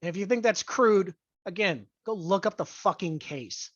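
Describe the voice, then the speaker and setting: A podcast host in a profane sports rant, angry, crude and blunt, stressing key words with deliberate emphasis. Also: medium pitch, no echo. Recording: dull lo-fi dry recording.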